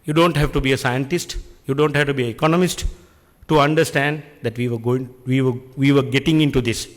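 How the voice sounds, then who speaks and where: A man's voice: medium pitch, fairly even intonation. Earnest Sri man in a reverberant hall. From Sri Lanka. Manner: earnest, deliberate, rhetorical questions. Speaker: public speaker addressing an industry function. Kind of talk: speech at an event. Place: function hall.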